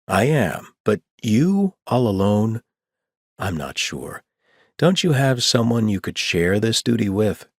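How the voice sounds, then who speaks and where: A man's voice: on the low side, big pitch swings, slow pace, slightly rough, dry recording, clean studio sound, voice pushed up, heavily acted. A man voicing a good-humored grown man who jokes with mock seriousness, in an audiobook reading. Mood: wry.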